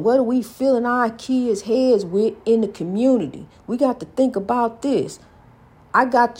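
A middle-aged woman holds forth in a preachy, emphatic monologue. Her voice sits fairly high and has a husky, breathy texture. She keeps calling the listener honey. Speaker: speaker giving life advice. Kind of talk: inspirational monologue.

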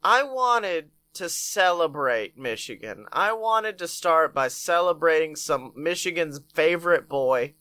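A man with a bright, crisp voice riffing in casual comedic chat. He rambles and laughs often, and the dry close mic keeps every word up front. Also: on the high side, expressive, unhurried, few pauses, no echo. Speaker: podcast co-host.

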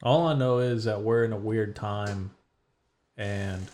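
A man's voice: fairly low pitch, steady tone, normal speed, a little mellow. A man hosting a podcast, chatting casually in a loose, profane, laid-back way. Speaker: podcast host. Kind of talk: casual chat.

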